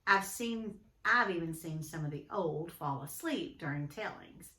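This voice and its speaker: Gossipy old lady, read out by a woman teacher, slow and confiding, roomy sound. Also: lowish voice, lively intonation, bright, forceful tone, pitched below the performer's own voice. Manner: confiding, read aloud plainly.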